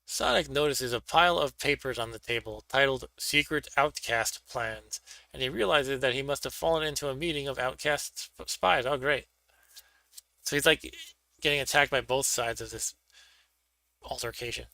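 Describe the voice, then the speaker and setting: Gravelly man reading a gamebook aloud. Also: medium pitch, moderate pace, sharp tone, dry recording. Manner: offhand, joking. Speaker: stream host reading a gamebook. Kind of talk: casual chat and read-aloud narration.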